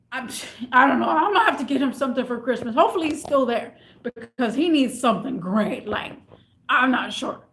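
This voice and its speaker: A woman with a high voice tells a work story in a casual vlog. She rambles and repeats lines, acting out each part as she goes. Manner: rambling and repetitive, animated retelling. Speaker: retail worker.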